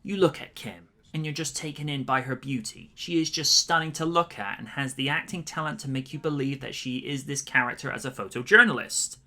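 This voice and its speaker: A man narrating a scripted film review with measured, admiring commentary. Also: mid-range voice, sharp tone.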